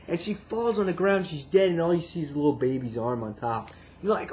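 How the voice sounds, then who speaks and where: A man casually retelling a comic book issue and reviewing it, getting excited and swearing as he acts out his reactions. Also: high-pitched, moderate pace. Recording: dull lo-fi, faint background hiss.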